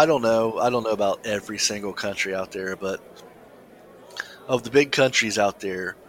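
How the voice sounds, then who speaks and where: A man's voice: lowish voice, fairly bright tone, rough recording. A man co-hosting a casual talk show, chatting with many restarts and reading a news story aloud. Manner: halting, many restarts and fillers. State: coughing, something in windpipe. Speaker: podcast co-host.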